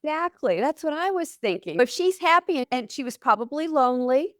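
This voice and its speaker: A middle-aged nurse hosts the conversation, asking questions and telling her own anecdotes. Her voice is a little high, and the recording is close and dry. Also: animated, fairly quick, a bit bright, no echo. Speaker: podcast host, nurse. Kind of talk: conversational podcast interview.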